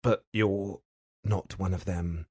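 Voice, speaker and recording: A sharp woman who sees through every lie, speaking coolly and analytically with a teasing edge, voiced by a man reading an audiobook. The tone sits slightly low and stays measured as she presses her point. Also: fairly even intonation, slightly rough, no echo, clean studio sound, heavily acted.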